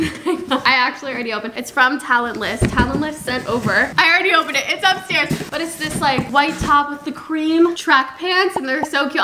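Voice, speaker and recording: A woman's voice: sits high, noisy background. A young woman in her twenties chatting casually at home about things she got, gushing and chatty with some swearing. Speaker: vlogger. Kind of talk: casual haul chat.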